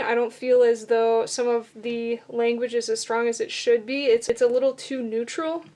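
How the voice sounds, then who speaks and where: A young adult woman teaching poetry writing in an instructional video, explaining methodically step by step with the odd filler. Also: on the high side.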